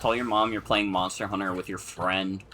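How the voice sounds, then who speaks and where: A man's voice: low-pitched, flat delivery, moderate pace, sharp tone, soft background music. A man chatting casually and upbeat while playing a co-op game with a friend, swearing offhand. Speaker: co-op gaming friend. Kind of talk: casual gameplay chat.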